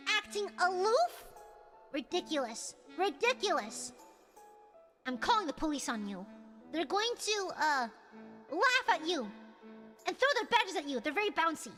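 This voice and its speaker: A woman with a very high, bright voice hosts a casual livestream and reacts to chat with dramatic mock outrage and teasing insults. Her pitch swoops widely, even though she talks at an unhurried pace. She sits at a desk mic, with a long reverb on her voice and music playing behind her. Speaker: streamer host reading chat.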